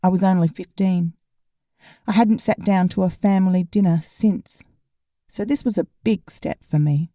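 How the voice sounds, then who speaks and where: A woman narrating a novel in first person, with a wry, deadpan delivery. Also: lowish voice, normal speed, dry recording, studio quality. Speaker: audiobook narrator.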